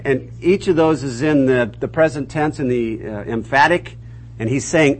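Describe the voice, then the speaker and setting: A man's voice: mid-range voice, lively intonation, normal speed. A man teaching a conversational Bible lesson, asking the class rhetorical questions and restarting his sentences often.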